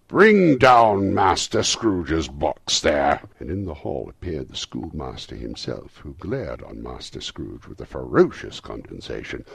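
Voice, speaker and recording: A man narrating a classic novel as an audiobook, reading in a lively, expressive way. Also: very deep voice, gravelly, slightly rough, no room sound.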